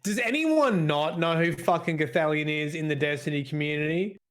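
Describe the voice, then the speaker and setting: A man's voice: a little high, brisk. An Australian man co-hosting a gaming podcast, musing aloud and restarting his sentences often. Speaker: podcast co-host. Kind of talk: casual chat.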